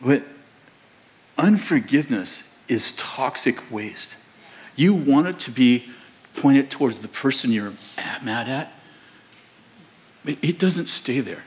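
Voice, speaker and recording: A man preaching a sermon as a pastor, telling stories in an animated way, laughing often and acting out the voices. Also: mid-range voice, slow, pauses often. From United States. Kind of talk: sermon with storytelling. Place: large church auditorium.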